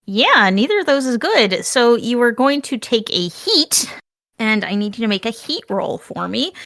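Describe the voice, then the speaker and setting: Woman game master, fairly high voice, dry close sound, upbeat, explains step by step. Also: sing-song, normal speed, fairly bright tone, no room sound. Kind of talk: narrating a tabletop game.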